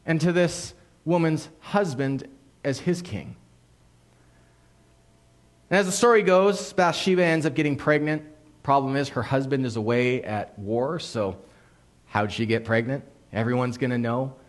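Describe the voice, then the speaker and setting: A man preaching a sermon as a pastor, telling the story in an animated way, acting out quotes and dropping suddenly to a hush. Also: mid-range voice, unhurried, pauses often.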